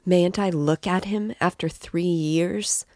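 A woman's voice: sits low, measured pace, a little mellow, no echo, clean studio sound. A woman reading as an anxious tearful mother. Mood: pleading. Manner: pleading, timid.

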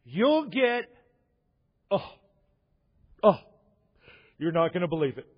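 A man voicing a flashy male TV preacher who fake-weeps and pleads dramatically in halting, drawn-out bursts. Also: sits high, big pitch swings, husky, heavily acted. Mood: dramatic pleading. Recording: dull echoey hall recording.

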